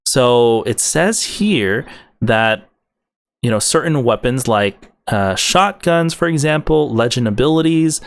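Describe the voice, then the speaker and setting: Man, casual gaming update host, excited, rambling, medium pitch, dry close sound. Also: dry recording. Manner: enthusiastic, rambling with many fillers and restarts. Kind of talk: casual game update breakdown.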